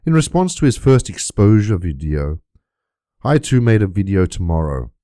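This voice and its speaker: A man's voice: on the low side, big pitch swings, normal speed, dark tone, no room sound, clean studio sound. A man delivering an indignant, emphatic monologue to camera, full of rhetorical questions. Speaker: YouTube creator.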